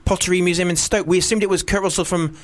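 A young man hosting a radio show, and his voice sits a little on the high side. He rambles and jokes, and his delivery is animated, in a casual comic banter style. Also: racing, slight background noise. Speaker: radio host.

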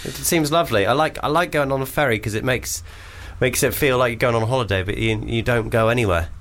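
A man's voice: mid-range voice, fast talker, fairly bright tone. A man co-hosting a podcast, joking and rambling in casual banter. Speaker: podcast co-host.

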